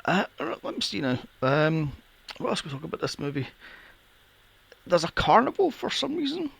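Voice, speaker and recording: A man talks through a film in a casual podcast chat, his pitch swinging widely as he mocks it. His voice is gravelly and a little husky. He is recorded close and dry, with no room sound. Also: normal speed, no room sound. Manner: animated, sarcastic, mocks characters in high silly voices. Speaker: podcast co-host. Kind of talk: casual movie review chat.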